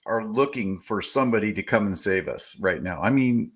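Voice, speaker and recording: A man's voice: on the low side, animated, moderate pace, fairly bright tone, breathy edge. A man co-hosting a talk radio show, meandering with many fillers as he shares his views. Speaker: radio co-host. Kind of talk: casual talk radio discussion.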